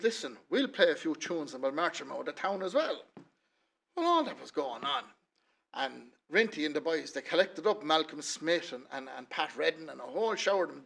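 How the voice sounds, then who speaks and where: A storyteller from Ireland, speaking with an Irish accent in a slightly high, creaky voice, recounts a local folk tale. His folksy telling is chatty and rambling, packed with "he says" asides.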